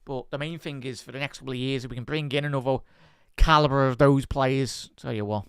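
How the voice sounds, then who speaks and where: A man hosting a live football watch-along, giving chatty fan commentary, answering viewer chat and shouting out at big moments. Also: mid-range voice, steady tone, brisk, smooth, no echo, clean studio sound.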